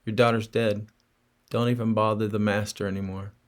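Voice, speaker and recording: A man's voice: on the low side, little pitch movement, normal speed. Earnest male preacher telling a story. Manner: earnest storytelling preaching with direct rhetorical questions to listeners. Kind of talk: sermon.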